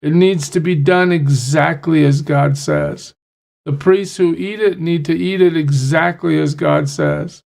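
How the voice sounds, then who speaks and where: A man's voice: on the high side, fairly even intonation, a little slow, vocal fry, a little mellow. A man who leads a church Bible study, reading scripture aloud and then explaining it in plain, chatty asides. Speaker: pastor.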